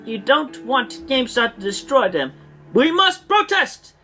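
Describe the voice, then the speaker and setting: A woman's voice: high-pitched, sing-song, a little slow, sharp tone, soft background music, full character voice. A woman in an archived clip ranting in a put-on, theatrical British-sounding accent, pompous and indignant. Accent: imitated British. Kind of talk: archived online video rant.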